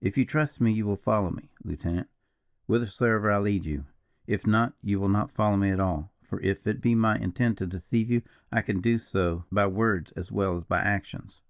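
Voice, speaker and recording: A man voicing a grave, brooding partisan officer in an audiobook, speaking slowly and in a measured, mournful way. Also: fairly low pitch, no echo, narrow, tinny audio, lightly acted. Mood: commanding. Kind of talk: audiobook character reading.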